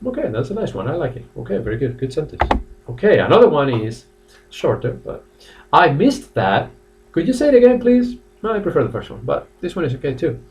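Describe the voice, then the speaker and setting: A male English teacher runs a live online class, saying each model phrase slowly and then repeating it. His pitch moves a lot and sounds animated. He stands a little away from the microphone, so the sound is somewhat distant. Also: slight background noise. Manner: lively, drawn-out model phrases, repeats them, greets chat viewers. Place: language academy classroom.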